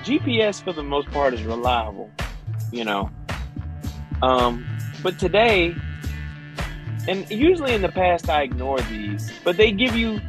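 A podcast host telling a story in casual chat, animated and swearing freely. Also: male voice, fairly high pitch, unhurried, pauses often, music in the background, rough recording.

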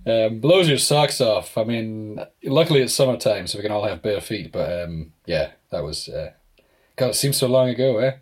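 A man's voice: lowish voice, lively intonation, normal speed, slightly rough. A man co-hosting a casual podcast, playful and teasing, laughing often. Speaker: podcast co-host. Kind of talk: casual chat.

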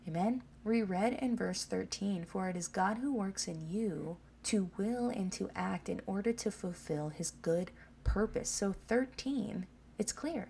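A woman's voice: medium pitch, creaky, warm tone, a little hiss or hum. A woman preaching a sermon, reading scripture aloud and pressing her points with repeated questions to the listeners. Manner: emphatic, asks the listeners "Amen?".

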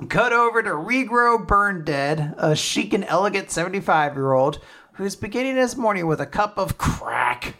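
Woman co-host, chatty and animated, mid-range voice, narrates a recap and performs the lines. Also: medium pitch, normal speed. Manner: animated retelling, acting out quotes with laughs. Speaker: podcast co-host recapping manga. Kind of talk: casual chat.

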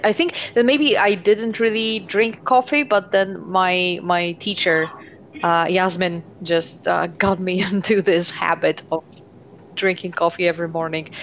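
A woman player in a tabletop game, talking in a halting, apologetic way with many restarts. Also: fairly low pitch, a little hiss or hum. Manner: halting and apologetic, with self-corrections. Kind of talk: tabletop role-play.

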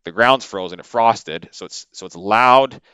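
Low-voiced man, animated storyteller. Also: unhurried, clear, resonant tone, dry recording. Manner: animated, with many fillers and repeated words. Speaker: podcast guest. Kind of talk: casual storytelling. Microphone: podcast microphone.

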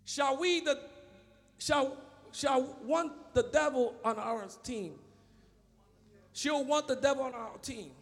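A man preaching a sermon as pastor, swinging between fervent shouts and low muttering. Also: long reverb tail. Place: church.

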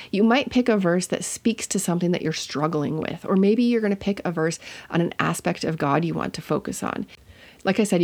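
A woman hosting a podcast, talking casually as she teaches listeners, chatty and correcting herself as she goes. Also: low-pitched. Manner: chatty and warm-hearted, with self-corrections. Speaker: podcast host.

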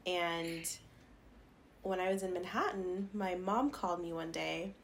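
A woman's voice: fairly low pitch, steady tone, a little slow, a little hiss or hum. A young woman from Las Vegas, co-hosting a podcast and telling stories in a chatty way, often laughing. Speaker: podcast co-host. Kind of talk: casual chat.

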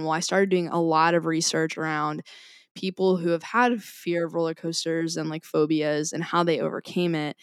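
A woman tells a story on a podcast, animated and quick to laugh. Her voice sits a little low. The sound is dry and close, with no room echo. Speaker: podcast co-host. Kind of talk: casual chat.

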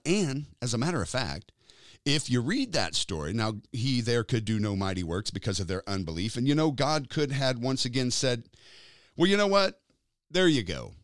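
Lively, animated male preacher. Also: mid-range voice, no room sound, studio quality. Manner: animated storytelling, acting out quoted voices. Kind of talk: sermon.

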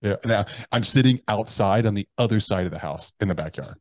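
A man, a podcast guest, telling a personal story bluntly and profanely, with halting restarts. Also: on the low side, no echo. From United States. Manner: blunt and profane, with slangy address.

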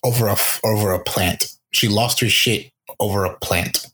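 Husky guy cracking jokes on a podcast, rambling on. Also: lowish voice, normal speed, sharp tone. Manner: joking, rambling bits. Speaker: podcast co-host. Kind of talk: casual recap chat.

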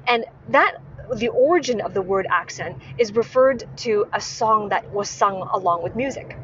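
Woman, podcast host, speech coach, instructive monologue, keeps asking "right?", mid-pitched voice. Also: lively intonation, normal speed, muffled recording, a little hiss or hum. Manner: frequent tag questions, self-corrections.

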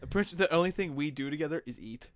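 A man's voice: fairly high pitch, lively intonation, rapid-fire, dry recording. A man who co-hosts a podcast, bantering and teasing his friends with frequent laughter. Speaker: podcast co-host. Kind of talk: casual banter.

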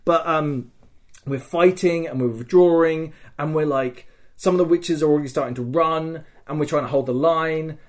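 A man with a fairly high voice tells a story in loose, casual podcast chat. He talks excitably, swears freely and fills gaps with "like" and "you know". He sounds like a co-host who is caught up in his own tale. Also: moderate pace. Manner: excitable, profane, lots of fillers.

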